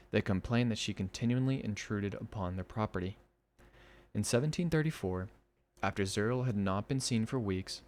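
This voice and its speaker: A man with a fairly low voice reads horror stories aloud for his podcast. Between stories he drops into eager, chatty asides aimed at his listeners.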